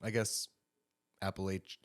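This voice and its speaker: A man's voice: deep voice, flat delivery, unhurried, dry recording, clean studio sound. A young man co-hosting a podcast in casual chat, playful and joking. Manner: playful, puts on a radio announcer voice at times. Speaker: podcast co-host.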